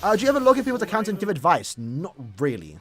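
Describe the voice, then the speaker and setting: Lively young male game streamer. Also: sits high, quick pace, faint music behind. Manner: chatty, restarts words, laughs easily. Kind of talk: casual live-stream chat.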